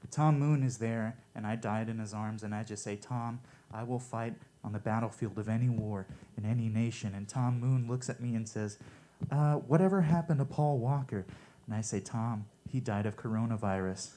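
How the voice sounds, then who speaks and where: A man performing stand-up one-liners at a coffee shop open mic, with a deadpan, offhand delivery. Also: fairly low pitch, normal speed.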